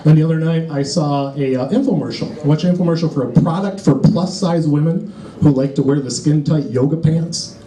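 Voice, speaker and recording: A man doing a stand-up set on a hotel lounge stage, telling his story in a laid-back, deadpan way. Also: a little high, a little fast. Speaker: stand-up comedian. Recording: echoey lounge, noisy live audience.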